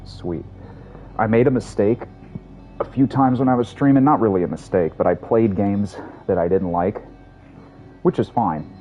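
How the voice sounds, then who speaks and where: A man's voice: fairly low pitch, moderate pace, long pauses, dark tone. A man streaming a video game, rambling casually and joking about himself as he plays. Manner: rambling, self-deprecating, drawling. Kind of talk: casual gameplay commentary. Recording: dull lo-fi audio with faint game music.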